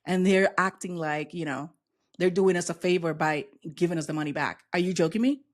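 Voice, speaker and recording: A woman's voice: fairly low pitch, a little fast. An American woman vlogging a casual, outspoken reaction to the news, sassy and gleeful as she comments. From United States.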